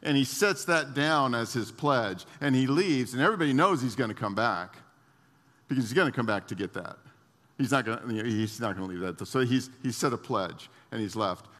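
A man's voice: mid-range voice, expressive, brisk, a bit bright. A man preaching a sermon as pastor, in a conversational way with restarts and acted-out quotes. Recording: long reverb of a large hall.

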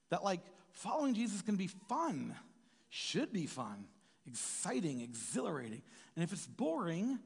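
High-voiced man preaching in a hall. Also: gravelly. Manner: rambling, conversational, keeps asking "right?". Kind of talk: informal sermon. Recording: reverberant hall with soft music.

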